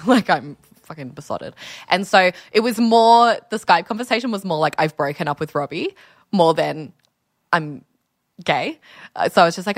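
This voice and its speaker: A woman's voice: lowish voice, brisk, no room sound. Chatty young Australian woman telling stories. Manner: chatty, animated storytelling with lots of "like" and acted-out quotes. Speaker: musician guest. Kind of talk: candid casual interview.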